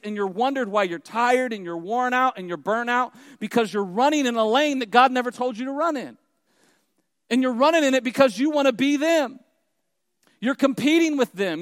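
Male pastor, high voice, emphatic sermon delivery with repeated refrains; dry close sound with long reverb tail.

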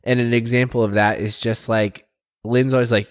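A man in his thirties co-hosting a podcast, chatting casually and easily with quick asides. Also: medium pitch, flat delivery, clear, resonant tone. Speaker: podcast co-host. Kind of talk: casual chat.

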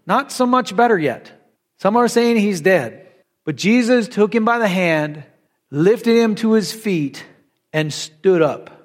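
High-voiced man preaching a sermon. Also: slow pace. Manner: conversational, animated storytelling with Bible reading.

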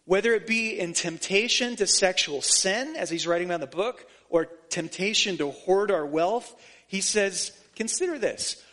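Earnest higher-voiced male preacher. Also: normal speed, sharp tone. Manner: earnest, emphatic preaching with repetition. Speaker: pastor. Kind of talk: sermon.

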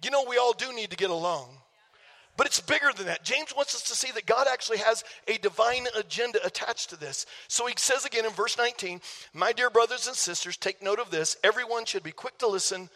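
A man's voice: high-pitched, pushed and bright, big-room sound. A male pastor preaching a sermon in a conversational, emphatic way, often repeating words as he goes. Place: church sanctuary.

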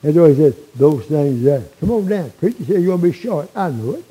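A man's voice: fairly high pitch, lively intonation, fairly quick, dark tone, low-quality recording. A man in his eighties preaching a sermon in a folksy way, often checking in with "all right?" and chuckling between lines. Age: 80s. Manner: folksy, frequent tag questions like "all right?".

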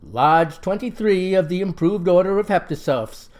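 A man with a Southern US accent telling a comic tale in a folksy, deadpan, mock-solemn style. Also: high-pitched, moderate pace. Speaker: storyteller.

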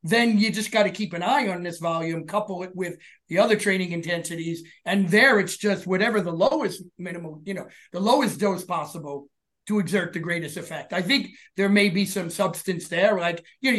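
High-pitched man co-hosting a podcast. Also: fairly bright tone. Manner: measured, with frequent backchannel murmurs. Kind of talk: casual podcast conversation.

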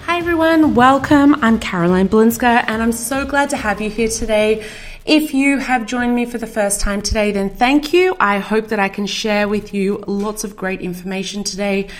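A chatty, enthusiastic woman hosts her own podcast in a relaxed solo talk. She sounds middle-aged, with a mid-range voice and an upbeat, eager delivery. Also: medium pitch, normal speed, faint music behind. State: out of breath. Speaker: podcast host and marketing coach.

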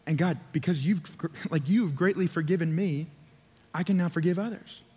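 A man's voice: on the high side, fairly quick, mellow, husky. Fervent male pastor in a reverberant church. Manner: fervent, urging, repeats phrases. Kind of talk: sermon. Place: church auditorium. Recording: long hall reverb.

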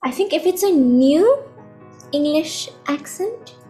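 Teen girl guest, high voice, thoughtful and a bit hesitant, soft music behind. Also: expressive, slow pace. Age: teens. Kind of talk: casual chat.

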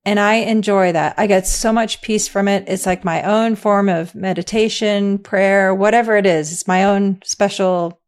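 A woman's voice: mid-range voice, steady tone, normal speed, hardly any pauses. A middle-aged woman from the US, a guest in an interview, telling her story earnestly and emphatically, often laughing. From American.

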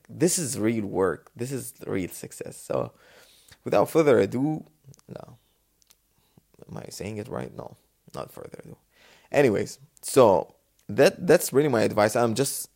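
A man from Dubai hosting a solo podcast, talking off the cuff in a casual, animated way and acting out the voices in his stories. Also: fairly low pitch, gravelly. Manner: casual, animated storytelling, acts out quotes. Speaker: podcast host. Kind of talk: unscripted solo podcast talk.

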